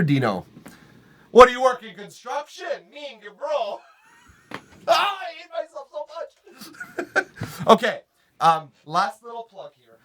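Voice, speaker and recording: A man's voice: medium pitch, fairly bright tone. A man from Montreal hosts a live music feedback stream from his home studio. He chats loosely, laughs a lot and swears freely as he reads messages from the chat aloud. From Montreal, Canada. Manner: chatty and profane, reading chat aloud and laughing. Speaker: livestream host reviewing music.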